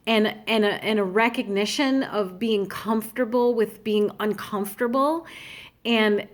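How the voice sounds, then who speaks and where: Earnest woman vlogging candidly. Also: mid-range voice. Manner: earnest, heartfelt, halting restarts. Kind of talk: candid personal vlog.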